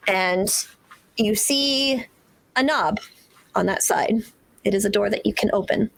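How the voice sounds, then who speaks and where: A woman with a fairly high voice narrates as game master of a tabletop game. She paints each scene slowly and in detail, with an easy, unhurried manner. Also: a bit bright. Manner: descriptive, unhurried, laughs easily.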